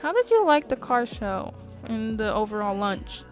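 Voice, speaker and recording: A woman's voice: fairly high pitch, big pitch swings, moderate pace. Chatty teenage girl at a noisy school event. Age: teens. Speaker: vlogger. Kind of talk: casual vlog chat. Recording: loud crowd and music behind.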